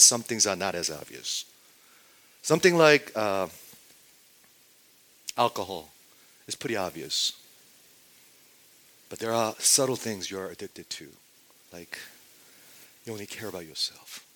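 A man preaching a sermon, often asking his congregation questions and swinging between loud declarations and near-hushed asides. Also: on the low side. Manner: asks the congregation rhetorical questions. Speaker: pastor.

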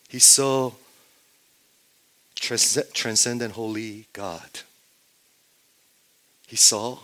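Preacher swinging between booming and whispered. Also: male voice, takes it slowly, long pauses. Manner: swings from loud emphatic statements to hushed whispers, repeats phrases. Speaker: pastor. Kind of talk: sermon.

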